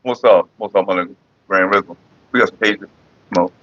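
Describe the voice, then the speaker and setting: A low-voiced man talks fairly quickly in a fairly bright tone on a muffled recording. As a vlogger hosting a smoking session, he rambles and jokes loosely on his casual vlog, addressing viewers and chat by name.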